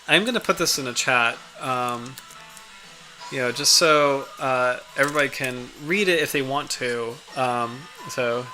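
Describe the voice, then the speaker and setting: Faint music plays behind a livestream host whose mid-range voice is bright and forceful, his pace a little slow. He rambles casually, reading out a study and chatting with viewers amid many fillers and restarts.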